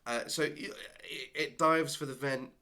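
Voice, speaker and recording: A man narrating as game master of a tabletop game, animated and laughing, adding sound effects. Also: mid-range voice, measured pace, background noise.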